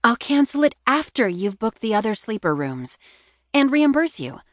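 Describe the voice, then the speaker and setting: A man's voice: sits high, big pitch swings, moderate pace, a bit bright, dry recording, clean studio sound, pitched above the performer's own voice. A man voicing an exasperated, teasing young woman friend in an audiobook. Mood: protesting. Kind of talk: audiobook narration.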